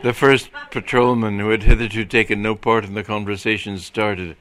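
A man reading a comic story aloud in a dry, measured way. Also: lowish voice, fairly even intonation, a bit bright, a little hiss or hum. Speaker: reader.

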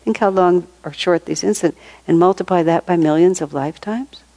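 A woman's voice: fairly low pitch, fairly quick, mellow, low-quality recording. An older woman giving an informal spiritual talk, telling stories in a conversational way and laughing often. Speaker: spiritual teacher.

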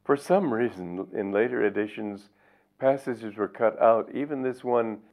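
A man's voice: on the low side, measured pace. An older man, a spiritual teacher, reading aloud from his book and commenting in a reflective storytelling manner. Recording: tinny lo-fi recording.

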